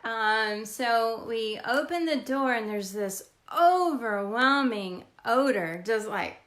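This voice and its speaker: A woman's voice: a little high, expressive, slow, fairly bright tone. A middle-aged woman, a real estate agent, casually telling funny stories from her job and laughing often. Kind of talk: casual storytelling to camera.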